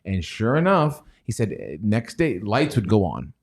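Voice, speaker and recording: A man's voice: lowish voice, wildly swooping pitch, moderate pace. A man hosting a casual stock livestream, rambling and joking, sometimes dropping to near-whispers. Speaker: stock show host; chemist.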